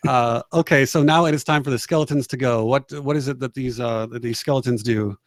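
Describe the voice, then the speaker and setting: A man's voice: medium pitch, steady tone, dry recording. Man running a tabletop game, dry sound. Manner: jokey, halting, restarts often. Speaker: game master.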